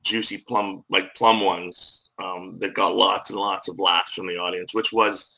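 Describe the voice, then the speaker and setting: A man's voice: low-pitched, little pitch movement, unhurried, creaky, slight background noise, rough recording. A man from Northern Ireland with a faint Irish accent, telling stories with wry humor as a guest in a casual interview. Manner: warm storytelling, wry humor. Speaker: podcast guest.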